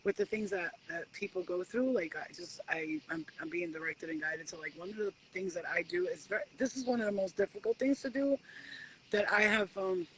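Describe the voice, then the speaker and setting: A woman giving spiritual readings at home in a casual live-stream chat, animated and swearing freely as she acts out conversations with spirits. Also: fairly low pitch, fairly quick, slight background noise, poor audio. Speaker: spiritual reader.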